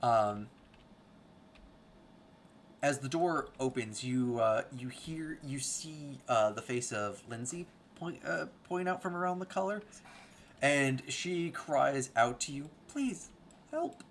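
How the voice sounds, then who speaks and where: A man running a tabletop game as game master, narrating in halting bursts as he searches for words. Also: medium pitch, fairly bright tone, a little hiss or hum.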